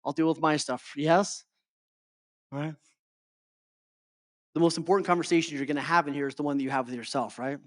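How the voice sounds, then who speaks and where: Earnest male coach, slightly high voice. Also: steady tone, a little fast, pauses often, no room sound, studio quality. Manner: checks in with listeners often, stumbles and repeats words. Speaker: life coach and motivational speaker. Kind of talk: motivational talk to a live audience.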